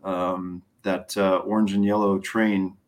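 A man with a fairly low voice co-hosts a racing show. He runs through the results in an easygoing, rambling way. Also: slow. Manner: relaxed, rambling with fillers. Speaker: co-host, racing recap. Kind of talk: casual chat.

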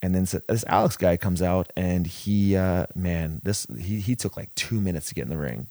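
Deep-voiced man telling a rambling story. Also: normal speed, dark tone, dry recording. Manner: rambling, profane, many restarts. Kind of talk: casual podcast storytelling.

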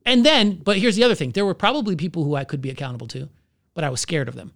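A man who is a pastor, telling his own story in an earnest, halting way and searching for his words. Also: fairly high pitch, gravelly, fairly bright tone, dry recording, clean studio sound. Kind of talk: candid personal testimony in conversation.

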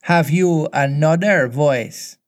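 Storybook pirate captain, theatrical and slow, done by a man reading aloud. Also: on the high side. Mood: wheedling. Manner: theatrical, drawn-out old-fashioned speech. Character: menacing, shaken pirate captain, older man.

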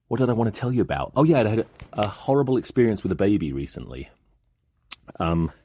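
A man's voice: sits low, darkish tone, breathy edge, no room sound, clean studio sound. A man hosting a podcast, telling rambling, profane comic stories in a monologue. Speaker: podcast host.

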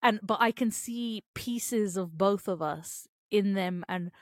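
A woman co-hosting a podcast in casual chat, expressive, swearing and laughing a lot. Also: medium pitch, slow pace, dry recording, studio quality. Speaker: podcast co-host, parent of three.

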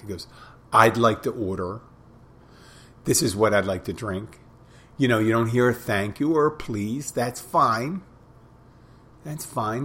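A man working as a bartender who tells stories about customers in a plain, halting way. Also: fairly low pitch. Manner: plain-spoken, halting with restarts and fillers. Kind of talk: casual storytelling monologue.

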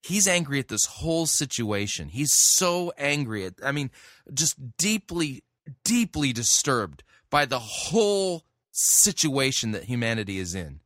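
A man preaching a sermon, reading scripture aloud and then explaining it in an earnest, halting way with many restarts. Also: medium pitch, sharp tone, dry recording, studio quality. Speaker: pastor. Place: church.

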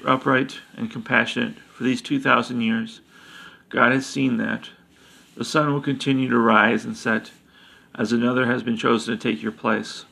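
A man voicing a wise, compassionate village mother with a prophetic way of speaking, in a solemn, measured reading. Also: medium pitch, gravelly, pushed and bright, exaggerated voice.

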